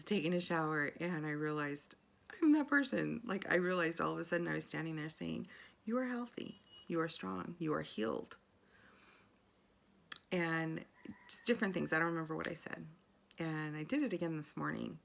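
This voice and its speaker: Middle-aged woman vlogger, low gravelly voice, chatty, rambling storyteller. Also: a bit bright. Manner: chatty, rambling, many fillers and restarts. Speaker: video journal vlogger. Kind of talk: casual personal storytelling.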